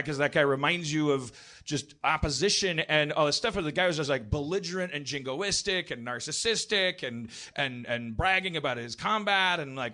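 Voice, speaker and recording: A man on a live comedy podcast stage spins a rambling anecdote, stopping and restarting his sentences constantly. His voice sits fairly high and sounds bright and forceful. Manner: rambling, self-interrupting, lots of restarts. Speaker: podcast host telling a story.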